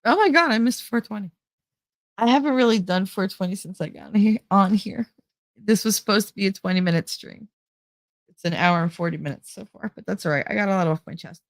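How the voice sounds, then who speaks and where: A woman with a New Jersey accent chats casually on a livestream, rambling and laughing often. Her voice is mid-range, a little fast, and slightly nasal from a stuffy nose, with no room sound.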